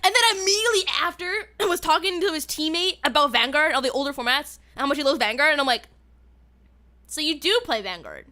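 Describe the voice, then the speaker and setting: A woman's voice: high voice, quick pace, hardly any pauses. A young woman streamer chatting casually on a livestream, ranting with laughter and frequent swearing. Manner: animated, swearing, laughing rants. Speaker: VTuber streamer.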